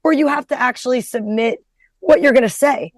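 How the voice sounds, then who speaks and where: High-voiced blunt woman comedian, dry sound. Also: fairly quick, no room sound. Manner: blunt, profane, storytelling. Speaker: stand-up comedian, podcast guest. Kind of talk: casual podcast chat.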